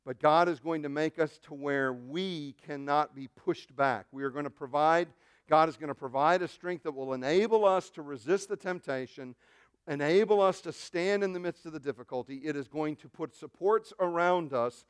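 A man's voice: a little high, clean tone, dry recording. A man preaching a sermon as a pastor, speaking animatedly, addressing the congregation directly and acting out quotes.

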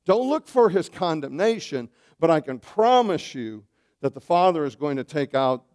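A man preaching a sermon as pastor, animated, swinging between loud bursts and hushed asides, calling his listeners saints. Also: on the high side. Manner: addresses listeners as saints, asks questions.

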